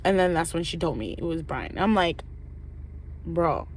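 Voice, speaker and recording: A woman's voice: fairly low pitch, lively intonation, fairly quick, a little mellow, slight background noise. A young woman telling a storytime vlog in a rambling, casual way, full of fillers and asides. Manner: rambling, filler-heavy, lots of "like" and "right?". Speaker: vlogger.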